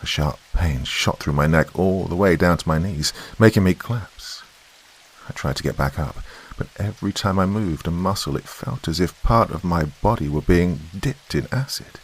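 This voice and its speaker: A man narrating a first-person horror story in a slow, hushed storytelling manner. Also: sits low, husky. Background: faint rain and hiss.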